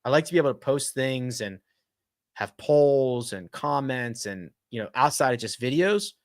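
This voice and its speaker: Fielding viewer questions on his golf betting and fantasy live stream, this host is chatty and animated, pitch swinging freely as he reasons aloud and quickly corrects himself. The recording is dry and close.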